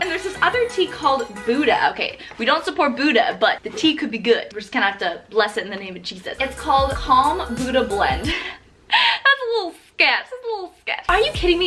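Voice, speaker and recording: A young woman YouTuber gushing through an unboxing and try-on vlog, chatty, filling her talk with "like" and "literally". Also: high-pitched. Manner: bubbly, gushing, says "like" and "literally" often. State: slight fever. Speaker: clothing YouTuber.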